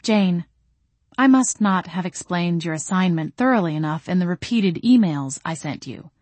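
A woman's voice: lowish voice, animated, normal speed, a little mellow, no echo. A woman voicing a stern, condescending woman who heads a committee, speaking curtly. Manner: curt and condescending.

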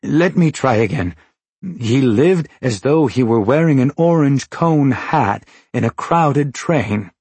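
A man voicing a timid bearded male metaphor creature who speaks in a husky, formal, old-fashioned way and begs. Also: medium pitch, animated, takes it slowly, a little mellow, no echo, pitched above the performer's own voice, full character voice. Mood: humble. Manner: archaic, pleading formal speech.

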